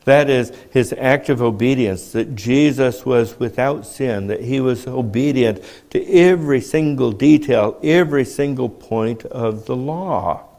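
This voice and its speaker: A man preaching a sermon in a measured teaching tone, asking rhetorical questions as he explains. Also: medium pitch, a little mellow.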